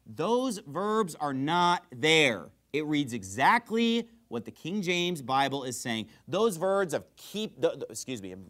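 A man preaching a sermon as pastor, fiery and emphatic, swinging between loud bursts and quiet asides. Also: a little high.

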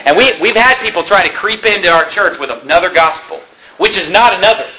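A man preaching a sermon as pastor, emphatic and fervent, rising to shouts at points. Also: high voice, expressive, fairly quick, background noise.

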